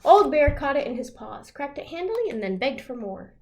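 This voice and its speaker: A woman librarian reading a picture book aloud to children in an expressive, animated way over a video call. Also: high voice, moderate pace, hardly any pauses.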